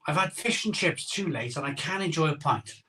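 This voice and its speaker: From his home conservatory, a middle-aged man runs a laid-back live stream on a phone camera, chatting and reading viewer comments with drowsy jokes. His voice is on the high side, animated, pushed and bright, at a moderate pace.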